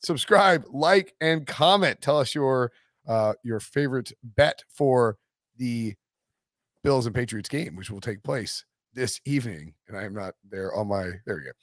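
A man's voice: mid-range voice, animated, a little slow, no room sound, clean studio sound. A man hosting a sports podcast, chatting casually, joking and laughing often. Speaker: podcast host.

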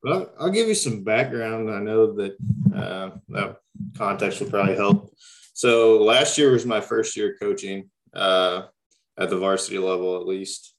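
A man's voice: fairly low pitch, unhurried. A young man from Missouri, a new varsity coach, talking hesitantly with many ums and restarts. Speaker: guest basketball coach. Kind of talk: casual interview talk.

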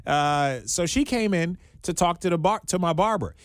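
Guy cohosting a podcast, swoopy animated voice, dry close mic. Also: high voice, normal speed, no echo. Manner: animated storyteller, laughs often. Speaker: podcast co-host. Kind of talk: casual storytelling chat.

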